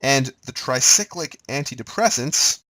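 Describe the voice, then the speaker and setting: Man, lecturer, conversational teaching, animated pitch, quizzes listeners. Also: measured pace, low-quality recording. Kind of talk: recorded pharmacology lecture.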